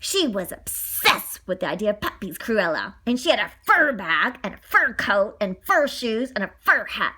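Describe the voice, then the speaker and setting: A woman reading a children's story aloud, animated and giggly, with gushing asides. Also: medium pitch, normal speed, few pauses, husky.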